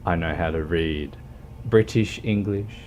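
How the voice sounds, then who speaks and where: Australian male streamer, deep voice, unhurried, halting casual chat. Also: a little mellow, a little hiss or hum. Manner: hesitant, many ums and restarts. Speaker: livestreamer. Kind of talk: casual chat while gaming.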